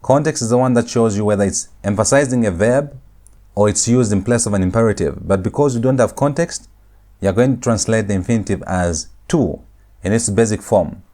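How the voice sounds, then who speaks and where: Male teacher, mellow low voice, slow and patient, drills terms by repetition. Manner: slow, repetitive, spells out each word. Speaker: Hebrew grammar lecturer. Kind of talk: classroom lecture.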